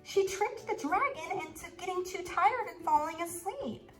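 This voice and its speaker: A woman kindergarten teacher reading a storybook aloud and asking the children questions in an animated way. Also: very high-pitched, normal speed, faint music behind, poor audio. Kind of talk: storybook read-aloud and lesson.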